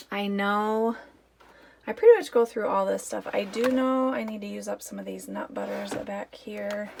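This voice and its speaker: A chatty woman in her thirties talks through her pantry shelves in a casual, practical way, her voice carrying a gravelly, creaky edge. She walks around her home with the camera, and a faint hiss sits under her words. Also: medium pitch, darkish tone. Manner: chatty and practical, thinking aloud with many fillers. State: out of breath after the stairs. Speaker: homemaking vlogger. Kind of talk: casual walk-through vlog. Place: home basement storage and pantry.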